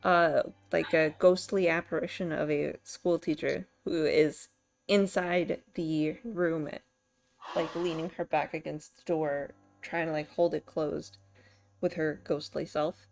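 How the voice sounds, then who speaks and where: A woman's voice: low voice, fairly even intonation, measured pace, gravelly, a little mellow, faint music behind. A woman narrating as game master of a tabletop game, rambling with many fillers. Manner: rambling, filler-heavy, amused.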